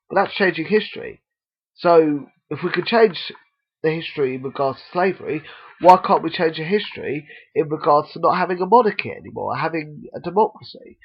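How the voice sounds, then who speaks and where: A man delivering a heated opinion vlog with a gravelly, husky voice. He argues hard and keeps hammering the same points. The recording sounds dull and lo-fi. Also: on the high side, animated, fairly quick. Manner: impassioned, argumentative, repeats his points. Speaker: vlogger.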